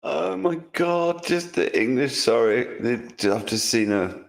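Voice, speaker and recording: A man's voice: mid-range voice, expressive, unhurried, creaky. A man co-hosting a casual podcast, making dry, sardonic remarks and reading news posts aloud. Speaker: podcast co-host.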